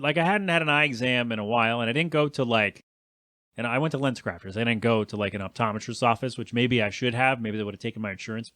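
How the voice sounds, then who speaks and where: A man's voice: medium pitch, a bit bright, no echo. Chatty man in his thirties, dry close sound. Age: 30s. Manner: chatty, self-deprecating, talks to himself. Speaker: podcast host. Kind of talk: solo rambling podcast chat.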